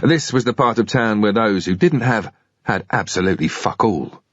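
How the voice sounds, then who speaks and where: A man's voice: lowish voice, lively intonation, moderate pace, a bit bright, no echo, lo-fi sound. A man reading a first-person thriller in a dry, matter-of-fact way. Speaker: audiobook reader.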